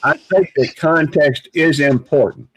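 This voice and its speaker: A man talking in a casual live chat, measured and reflective, with many pauses and restarts. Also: fairly high pitch, low-quality recording.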